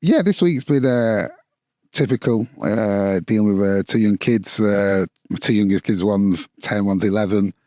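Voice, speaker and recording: Low-voiced Lancashire man, halting. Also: dark tone, no echo, clean studio sound. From Blackburn, Lancashire, England. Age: late 40s. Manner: rambling, halting, many fillers. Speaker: guest entrepreneur. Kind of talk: casual podcast interview.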